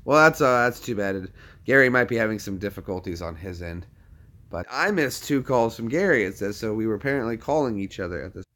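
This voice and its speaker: A man's voice: fairly low pitch, lively intonation, brisk, a bit bright. Upbeat man chatting on a livestream. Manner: chatty, upbeat, talks to viewers. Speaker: livestream host. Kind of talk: casual livestream chat.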